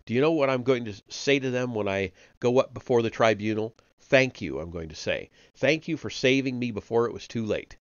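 A man's voice: medium pitch, fairly quick, few pauses, no echo, muffled recording, lightly acted. A man reading aloud and voicing a frightened, servile, middle-aged male prisoner who pleads eagerly and talks sanctimoniously.

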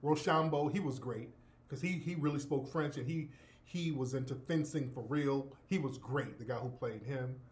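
A man's voice: mid-range voice, moderate pace. A man hosting a radio show, casually telling a profane anecdote with laughter and acted-out quotes.

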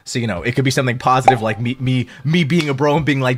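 A young man streaming, telling stories in a loose, laughing chat and breaking into high squealed impressions of friends. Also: fast talker, hardly any pauses, a bit bright, a little hiss or hum. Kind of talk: casual chat to a stream audience.

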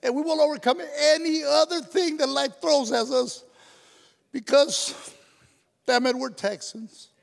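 A man's voice: very high-pitched, fairly even intonation, a little slow, creaky. An older man giving a tearful, storytelling award speech at a banquet, slipping into his mother's voice. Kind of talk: stand-up style speech at a banquet. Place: hotel ballroom. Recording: echoey hall, PA system.

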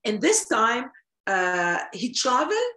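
A woman retells a traditional story with animation and acts out its dialogue. Her voice sits a little high. The sound carries the echo of a reverberant room. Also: very animated, slow pace, pushed and bright.

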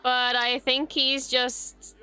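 A woman hosting a reaction video, excitably commenting, gushing and swearing freely. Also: high voice, takes it slowly, clear, resonant tone, a faint crowd.

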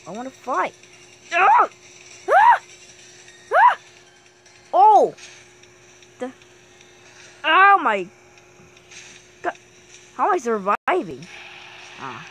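Excitable woman shrieking through gameplay. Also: on the high side, slight background noise. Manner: excitable, bursts into shrieks and yelps; talks to herself while playing. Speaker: gaming channel host. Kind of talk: casual gameplay commentary.

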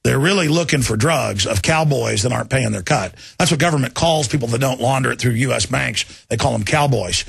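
Gravelly combative talk radio host man. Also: mid-range voice, no echo. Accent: Texan. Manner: combative, rapid, repeats himself. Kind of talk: talk radio monologue and call-in. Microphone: studio microphone.

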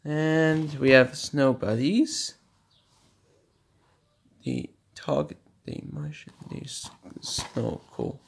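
Slow, gravelly-voiced young man showing his DVDs. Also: on the high side. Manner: halting, stumbling over words, reads out running times; shouts at noisy kids, then apologizes. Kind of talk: casual home video show-and-tell. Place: at home. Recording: faint background noise.

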